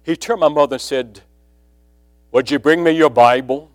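A man preaching a sermon, telling a personal testimony and building from quiet storytelling to loud emphasis. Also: a little high, moderate pace, no echo, faint music behind.

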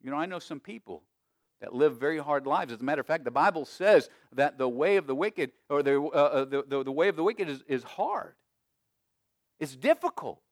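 A man preaching a sermon as pastor, emphatic, with big swings between loud and quiet and frequent restarts. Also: fairly high pitch, expressive, fairly quick, no echo, clean studio sound. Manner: frequent repeated words and restarts.

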